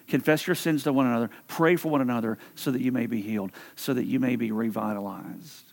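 A pastor preaching a sermon in an earnest, conversational way, often stumbling and repeating words. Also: male voice, medium pitch, fast talker, vocal fry, a little mellow. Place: church.

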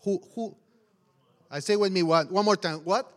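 A man's voice: sits high, fairly quick, fairly bright tone. A pastor from Mexico, a man whose first language is Spanish, preaching energetically in broken English with a Mexican Spanish accent and frequent laughter. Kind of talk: sermon.

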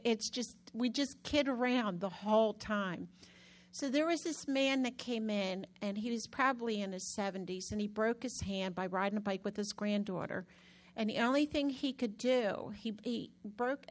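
A woman minister talking casually about recovering from a hand injury, telling the story in a chatty, animated way with many restarts. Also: medium pitch. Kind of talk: casual testimony.

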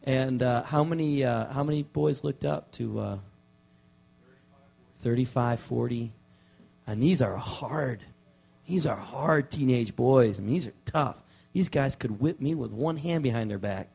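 A male pastor gives a laid-back sermon in a church, mixing jokes into his story. His pitch sits in the middle of the range, and he talks loosely with plenty of fillers and restarts. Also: a little slow, gravelly, husky. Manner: relaxed and joking, with frequent fillers and restarts. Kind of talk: casual sermon. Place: church sanctuary.

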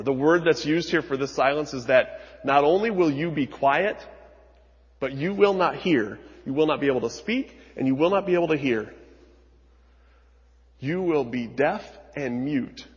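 Husky pastor preaching in a reverberant hall. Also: male voice, a little high, highs cut off. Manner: dramatic retelling, swings from hushed to emphatic. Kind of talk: sermon.

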